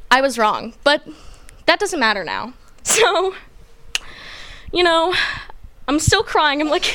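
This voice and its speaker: A young woman telling a personal childhood story in an animated, playful way, acting out what people said. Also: sits high, measured pace, dry recording. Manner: animated, playful, acts out quotes. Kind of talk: personal story told to a group.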